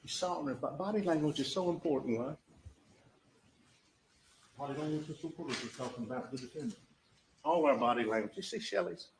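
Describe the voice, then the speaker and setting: A man with a drawl addresses a jury in a courtroom, his voice sitting somewhat high for a man. He hammers his points through repetition and rhetorical questions, with a faint hiss of noise behind him. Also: lively intonation, fast talker, creaky, rough recording. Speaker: prosecutor. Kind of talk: courtroom closing argument.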